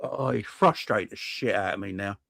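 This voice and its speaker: A man's voice: on the low side, normal speed, creaky, a bit bright, dry recording. A man hosting a live-stream football fan channel, ranting heatedly, swearing and talking to his chat.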